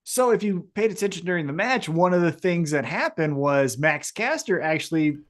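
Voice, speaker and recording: A man's voice: a little high, animated, moderate pace. Man recapping matches on a wrestling podcast. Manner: recaps matches, blunt opinions with swearing. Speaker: podcast co-host. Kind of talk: casual wrestling chat.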